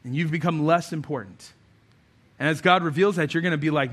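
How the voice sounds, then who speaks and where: A male pastor delivers a sermon in a high, ringing voice. He swings from intense, rising appeals to loose, joking asides full of fillers. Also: fairly quick, a bit bright.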